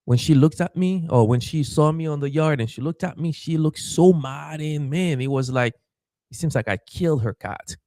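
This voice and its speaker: This man from Haiti, a pastor, has a slightly high voice and talks at normal speed, recorded cleanly in a studio with no echo. He animatedly recounts a story during a podcast interview, performing quoted voices and stammering and repeating along the way.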